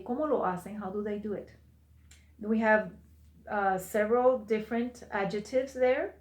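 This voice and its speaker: A woman's voice: medium pitch, reverberant. A woman teaching a recorded language class, patient, repeating and translating each phrase for her students. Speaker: Spanish teacher.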